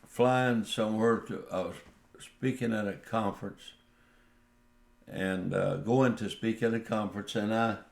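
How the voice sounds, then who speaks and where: A man preaching on a radio show, telling a slow, folksy story with quoted dialogue. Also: fairly low pitch, vocal fry, a little mellow, roomy sound.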